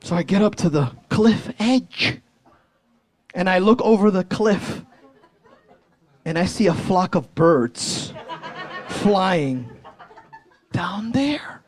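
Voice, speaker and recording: High-energy, animated comedian man. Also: slow, long pauses. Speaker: stand-up comedian. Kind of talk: stand-up comedy set. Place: comedy club stage.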